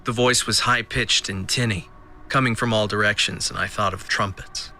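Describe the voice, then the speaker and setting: A man's voice: lowish voice, steady tone, moderate pace, bright, forceful tone, a little hiss or hum. A man narrating a scripted audio drama in a dry, first-person storytelling manner.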